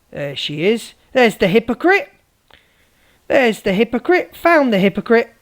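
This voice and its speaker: A woman's voice: fairly high pitch, big pitch swings, measured pace. Angry woman ranting on a stream. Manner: angry, swearing, repeats herself. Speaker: live streamer. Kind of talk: live stream rant.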